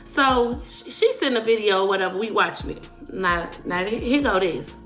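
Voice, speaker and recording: A woman's voice: medium pitch, lively intonation, normal speed, a bit bright, soft background music. A woman in a played clip telling a story in casual, slangy, dismissive speech. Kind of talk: storytelling in a video.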